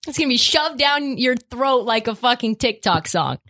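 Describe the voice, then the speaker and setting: A woman's voice: fairly high pitch, expressive, moderate pace, pushed and bright. A woman hosting a sports podcast, ranting with profanity and rhetorical questions. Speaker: podcast host. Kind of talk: opinionated sports talk.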